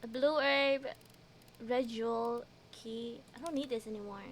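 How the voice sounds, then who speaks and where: A woman's voice: fairly high pitch, a little slow, slight background noise. A woman streaming a game, giggling often and chatting with her viewers as she plays. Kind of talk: casual gameplay commentary.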